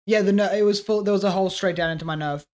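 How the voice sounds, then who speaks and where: A man's voice: sits high, very fast, a little mellow. A man in casual stream chat, joking and swearing freely. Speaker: streamer guest.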